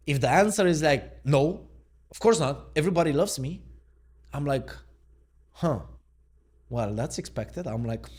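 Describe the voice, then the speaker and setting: Wry man, fairly high voice. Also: darkish tone. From Romania. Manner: wry, bemused and sarcastic. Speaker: mindset coach. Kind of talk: unscripted reaction commentary.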